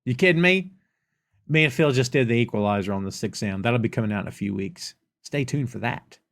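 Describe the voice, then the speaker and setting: A man's voice: medium pitch, animated, brisk, creaky. A man with a Southern US accent hosting a live question-and-answer podcast. He rants emphatically and casually, repeating lines for effect. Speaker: podcast host.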